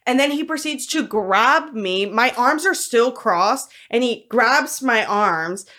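A woman's voice: fairly high pitch, slow. A woman co-hosting a podcast, telling a story in a chatty way, full of fillers and acted-out quotes. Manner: animated storytelling, lots of fillers, acts out quotes. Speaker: podcast co-host. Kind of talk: casual chat.

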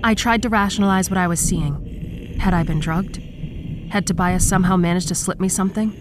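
Woman narrating horror, somewhat low voice. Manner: steady, measured storytelling. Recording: clear background noise.

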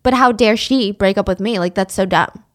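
A woman's voice: mid-range voice, moderate pace, close to an everyday voice. A woman voicing an arrogant, abusive young boyfriend in her own voice, boastful and indignant.

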